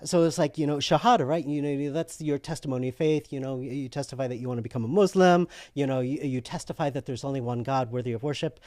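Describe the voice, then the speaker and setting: A man, a guest in an interview, telling a story in an animated way, acting out the voices in it and laughing often. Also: medium pitch, quick pace, hardly any pauses, no echo, clean studio sound. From United States.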